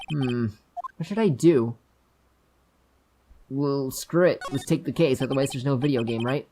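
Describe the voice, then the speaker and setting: A woman's voice: very deep voice, a little slow, long pauses, warm tone, a little hiss or hum. A woman voicing her own dry, offhand asides while playing through a story game. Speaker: gaming youtuber. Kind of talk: let's play commentary.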